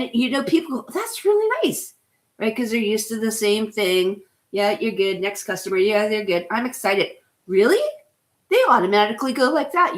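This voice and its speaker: A middle-aged woman talks casually about wellness as the host. She is chatty and enthusiastic and keeps checking in with "right?". Her voice sits in an ordinary middle range. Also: mid-range voice. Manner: chatty, enthusiastic, rambling with frequent "you know" and "right?".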